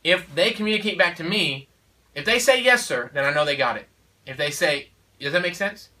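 A man's voice: fairly high pitch, lively intonation, fairly quick, sharp tone. Preachy guy talking emphatically, kinda far from the mic, says "you know" a lot. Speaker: father of four sharing parenting views. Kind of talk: casual podcast conversation.

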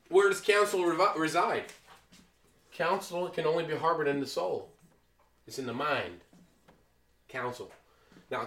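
A man preaching a sermon with a bright, forceful tone. He leans hard on his words, pushing some lines loud and dropping others to a near hush. The room around him rings with echo. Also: a little high. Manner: emphatic, swings between loud and quiet.

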